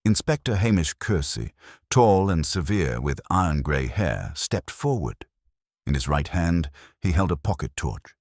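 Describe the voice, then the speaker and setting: Very deep male narrator, dramatic audiobook reading, dry close recording. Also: sing-song, a little slow, darkish tone, no room sound.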